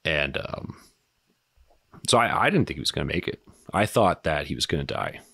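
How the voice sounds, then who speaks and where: A man in his thirties with an extremely deep, low voice tells his story as a podcast guest. He talks casually and haltingly, full of fillers and blunt swearing. The sound is close and dry, with no room echo. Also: animated, vocal fry, fairly bright tone, breathy edge. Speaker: podcast guest, retired soldier.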